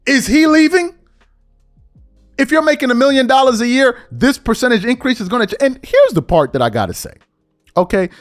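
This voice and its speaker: High, lively man ranting on a podcast. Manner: exasperated, repeats rhetorical questions. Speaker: podcast host. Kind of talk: opinion commentary rant.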